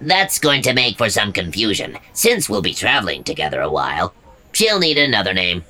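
A man voicing a smooth-talking little male alien dealmaker in an audiobook. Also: fairly low pitch, huge pitch swings, pushed and bright, voice pushed up, heavily acted. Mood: wheedling. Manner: brisk, wheeling-dealing.

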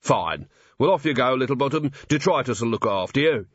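Unflappable male watch commander, brisk and dry, voiced by a male reader; dull, dry sound. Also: medium pitch, lively intonation, slightly rough, no echo.

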